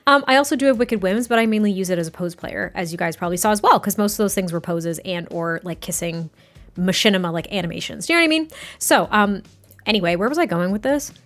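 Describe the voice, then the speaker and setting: A woman's voice: medium pitch, expressive, quick pace, a bit bright. Chatty, giggly young woman gamer. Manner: chatty, giggly, rambling with fillers. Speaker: gaming creator. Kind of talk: casual game commentary.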